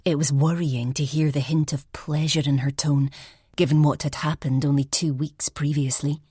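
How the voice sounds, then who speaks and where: Low, husky woman narrating an audiobook. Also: level tone, moderate pace, no echo, studio quality. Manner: soft, reflective, often near a whisper. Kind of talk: scripted first-person narration.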